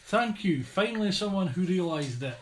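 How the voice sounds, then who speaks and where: A man's voice: high-pitched, lively intonation, moderate pace. Teasing Scottish man reading comments. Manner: teasing, joking. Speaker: co-host reading viewer comments. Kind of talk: casual livestream banter.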